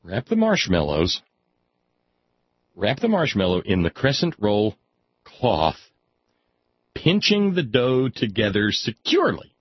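A man's voice: fairly low pitch, wildly swooping pitch, slow, pauses often, breathy edge, dry recording. A man reading aloud in a sardonic comic style, with wry, mock-solemn asides. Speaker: comic reader. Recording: dry, slightly dull lo-fi sound.

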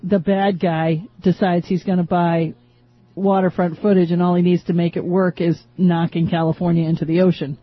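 A woman's voice: fairly low pitch, level tone, no room sound, soft background music. A woman from Maine hosts a talk radio show, bantering casually with a loose, joking, aside-heavy delivery. The sound is dry and a little muffled, like an older radio broadcast. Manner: chatty, joking, quick asides and laughs. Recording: dull, slightly lo-fi radio broadcast.

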